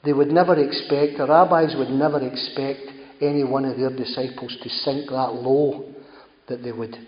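A man's voice: mid-range voice, fairly even intonation, fairly quick. A man preaching a sermon in a conversational, emphatic way, often repeating phrases as he goes. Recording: echoey hall, dull sound.

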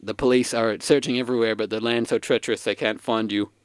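Smooth-voiced man running a tabletop game. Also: medium pitch, no room sound. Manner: brisk, deadpan, amused. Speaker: game master. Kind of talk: improvised tabletop game narration. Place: studio.

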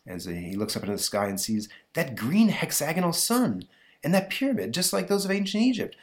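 A man's voice: a little high, sing-song, a little fast, voice pushed up. A man voicing a heroic occult detective from a comic, wondering and bewildered.

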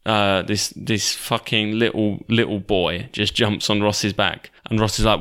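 A man's voice: fairly low pitch, steady tone, normal speed, few pauses, a bit bright, smooth. A young man hosting a podcast, recapping a sitcom episode in a rambling, opinionated way with lots of swearing. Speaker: podcast host.

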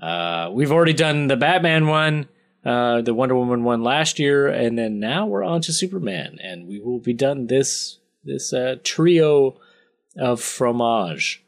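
A man's voice: medium pitch, expressive, unhurried, vocal fry. A man co-hosting a podcast over a video call, chatting casually and making jokes. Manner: jokey, riffing. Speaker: podcast co-host. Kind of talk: casual chat.

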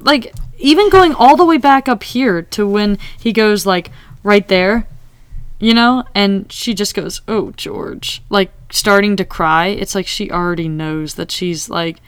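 A woman chatting casually about a TV episode, animated and acting out quoted lines. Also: mid-range voice, a little slow, smooth, no room sound. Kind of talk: casual TV recap chat.

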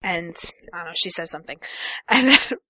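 A woman's voice: fairly low pitch, animated, moderate pace, pushed and bright, slightly rough, dry recording. A young woman co-hosting a casual book-discussion talk show, chatty with many fillers and frequent laughs. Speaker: podcast co-host.

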